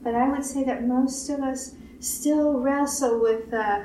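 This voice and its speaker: Higher-voiced woman preaching in an echoey room. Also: a little slow, few pauses, darkish tone. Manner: repetitive emphatic preaching, acts out quoted voices. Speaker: pastor. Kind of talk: sermon. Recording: roomy echo, distant mic, faint hiss.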